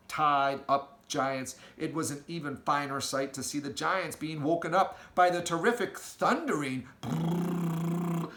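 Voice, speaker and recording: A man reads a storybook aloud with an expressive, storytelling lilt. His voice is bright and slightly raised in pitch. It echoes around the room he records in. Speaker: audiobook reader.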